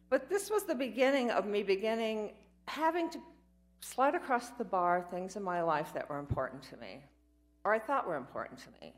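A woman's voice: medium pitch, big pitch swings, normal speed. An older woman telling her life story in a candid, rambling way, with self-mocking asides. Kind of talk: personal storytelling talk.

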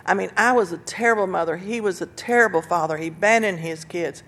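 An older woman giving an earnest personal testimony about recovery and loss, telling her story with bursts of laughter and loud quoted lines. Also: on the low side, fairly quick. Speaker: speaker sharing recovery story.

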